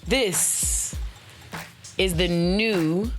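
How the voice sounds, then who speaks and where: A woman hosting her own podcast, giving casual motivational talk in a playful, slangy way, with swooping high exclamations and web addresses spelled out letter by letter. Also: drawn-out words, over music. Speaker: podcast host.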